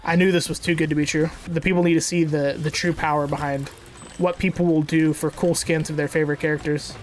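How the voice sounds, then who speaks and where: A gamer giving casual let's-play commentary, swearing often, bragging and breaking into excited outbursts while playing. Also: mid-range voice, fairly quick. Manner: profane, excitable, boastful trash talk with sudden outbursts. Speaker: gamer playing through a platform game. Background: faint game music.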